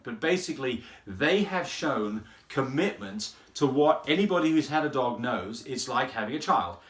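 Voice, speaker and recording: A French Bulldog breeder talks casually to camera, explaining things in a rambling way and often repeating words as he thinks. His mid-range voice has a fairly bright tone, and the recording has a roomy echo.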